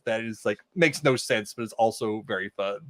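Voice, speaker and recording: A man guesting on a podcast, casually discussing a TV episode in a wry, relaxed way, sometimes mock-quoting characters. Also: on the low side, normal speed, no room sound. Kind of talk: casual chat recapping a TV episode.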